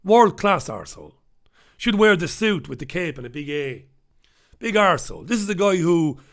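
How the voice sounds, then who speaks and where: In a fairly high, fairly bright voice, a man from the United Kingdom hosts a scathing review of the daily papers. He rants about the stories with sarcasm and plenty of swearing.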